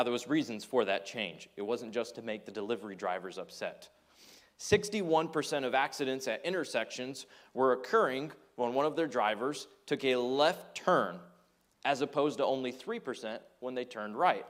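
A man's voice: mid-range voice, fairly bright tone. Earnest man preaching a sermon. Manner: earnest preaching with acted quotes and storytelling. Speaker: pastor.

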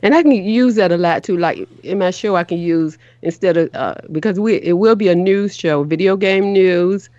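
Speaking at normal speed with hardly any pauses, a middle-aged woman hosts a call-in show in a casual, earnest chat riddled with restarts and repeats. The voice is dark and on the low side, captured lo-fi with no room sound.

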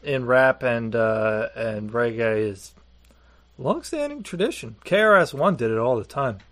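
A man's voice: medium pitch, lively intonation, measured pace, a bit bright. A man running a tabletop game, blunt and swearing freely in casual banter. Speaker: game master.

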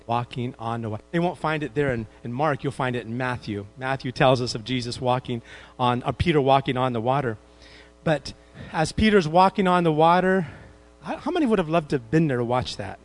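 A man preaching a sermon in an animated way, asking his congregation questions as he retells a story. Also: mid-range voice, poor audio. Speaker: pastor.

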